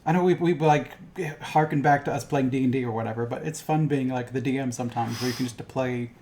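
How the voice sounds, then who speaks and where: A man's voice: mid-range voice, fast talker, a little mellow, slight background noise. A young man co-hosting a podcast and chatting casually about a cartoon, rambling and swearing. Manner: rambling, profane, fond of asides. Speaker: podcast co-host and game master.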